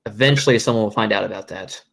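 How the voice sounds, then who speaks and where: A man's voice: fairly low pitch, fast, vocal fry, fairly bright tone. A young man playing a tabletop game, dropping dry, blunt remarks. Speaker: player. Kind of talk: casual tabletop game chat.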